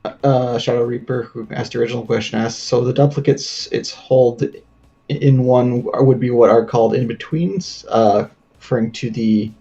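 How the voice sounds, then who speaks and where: A man on a livestream reading viewer questions aloud, measured with fillers. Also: mid-range voice, fairly even intonation, gravelly, warm tone, muffled recording, faint music behind.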